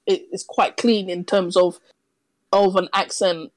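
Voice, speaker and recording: A woman's voice: on the low side, flat delivery, unhurried, dry recording, low-quality recording. A woman from London with a London accent, chatting casually and bluntly on a podcast. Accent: London English. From London, England. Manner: blunt, teasing, opinionated. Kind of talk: casual chat.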